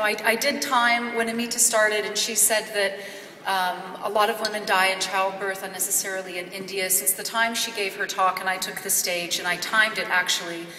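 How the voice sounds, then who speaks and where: Her voice is mid-range, pushed, and bright as this Kentucky gala speaker delivers an earnest, unscripted talk. The recording comes from a distance in a big ballroom, so the hall echoes and a faint ambience lingers.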